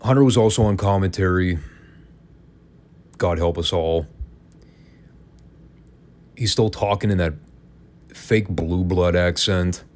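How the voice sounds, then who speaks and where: A man's voice: deep voice, takes it slowly, pauses often, a little mellow. A man hosting a podcast, giving a casual, opinionated and sarcastic wrestling review. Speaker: podcast host.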